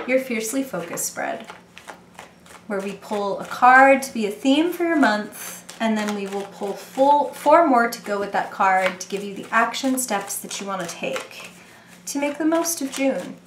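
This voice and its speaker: A woman giving a casual, playful tarot reading to the viewer, chatty and quick to laugh. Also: on the high side, reverberant, background noise. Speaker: tarot reader.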